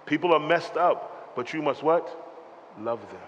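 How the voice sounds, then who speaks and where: A man delivers a spirited sermon, tossing questions for the congregation to answer back. His voice sits a little high, and it echoes through a large church hall over a faint hum of ambience. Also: unhurried, muffled recording. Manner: animated preaching with call-and-response. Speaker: pastor. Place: church sanctuary.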